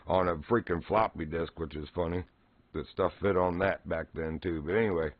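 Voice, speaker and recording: A man's voice: sits low, no echo, muffled recording. A man streaming, casually telling old gaming stories and laughing often. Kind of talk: casual storytelling.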